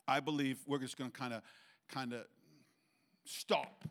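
A man preaching a sermon to a church congregation, halting with fillers and restarts, his voice lifting higher and louder when he presses a point. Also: fairly even intonation. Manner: rises in pitch and force when making a point. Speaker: pastor.

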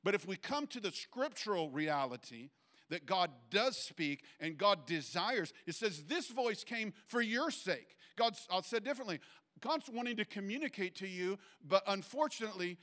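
A man preaching a sermon to a church congregation, halting with fillers and restarts, his voice lifting higher and louder when he presses a point. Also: lively intonation. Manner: rises in pitch and force when making a point. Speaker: pastor.

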